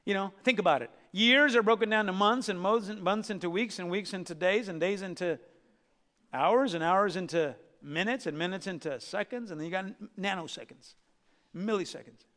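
High bright-voiced preacher in a hall. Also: male voice, moderate pace. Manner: animated storytelling, acting out biblical characters. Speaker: pastor. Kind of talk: sermon. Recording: reverberant hall.

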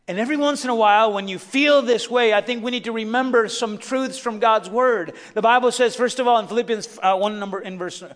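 A high-pitched male preacher delivering a sermon, with a quiet, soft telling of a story that gives way to emphatic, rising preaching. The sound carries a long reverb from a large hall. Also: fairly quick, few pauses.

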